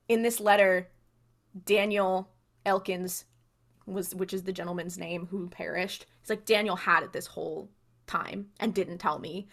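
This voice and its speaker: A woman co-hosting a podcast, retelling a TV episode in casual chat and acting out the characters' lines with animated energy. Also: medium pitch. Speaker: podcast co-host.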